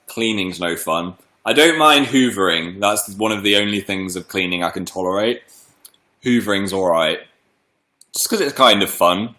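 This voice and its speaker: A young man rambles playfully through a casual livestream, reading out viewer messages. His voice is low-pitched yet bright and forceful, and he sounds a little under the weather from a cold. The room around him is echoey. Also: normal speed. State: slight cold with a cough.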